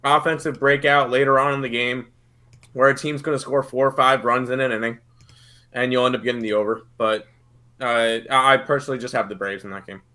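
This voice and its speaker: A betting analyst on a livestream tosses out casual basketball picks, sounding sure of himself while rambling and repeating words as he thinks. His medium-pitched voice is bright and forceful, with fairly even intonation and a fairly quick pace.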